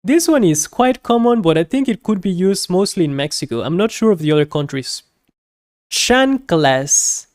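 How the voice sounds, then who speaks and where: A woman teaching a beginner Spanish lesson, repeating each word slowly and carefully, with light laughs as she explains. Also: fairly low pitch, lively intonation, a little mellow, dry recording, studio quality. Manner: slow, careful repetition of words.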